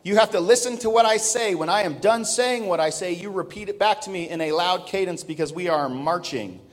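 A man preaching a sermon to his congregation, at times breaking into a loud shouted drill cadence. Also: high voice, a little fast, long reverb tail. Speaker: pastor. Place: church sanctuary.

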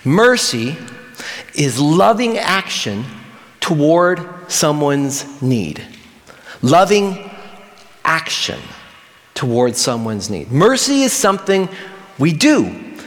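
A man preaching a sermon in an animated way, repeating key phrases and speaking directly to the congregation. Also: fairly high pitch, slow, long pauses, big-room sound. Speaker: pastor.

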